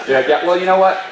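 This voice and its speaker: A man, a stunt performer, telling a story at a live Q&A in an animated way and laughing often. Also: sits high. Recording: roomy hall, distant mic.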